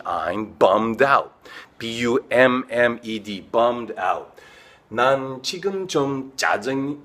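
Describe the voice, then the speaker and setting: Guy running a language lesson, explains things slow, voice jumps up and down a lot. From from a Western English-speaking country, living in Korea. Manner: slow deliberate explanations, lively pitch jumps. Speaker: language teacher and show host.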